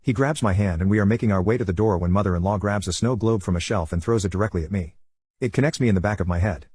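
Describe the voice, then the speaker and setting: A man narrating internet stories in a calm, scripted storytelling voice. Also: on the low side, fast talker, breathy edge, no echo.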